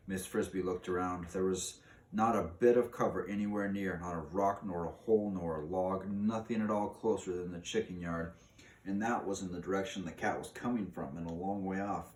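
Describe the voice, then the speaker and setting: A man reading a children's book aloud in an unhurried way, pausing for casual asides. He is recorded from a distance in an echoey room with faint noise. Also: sits low, steady tone. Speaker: reader.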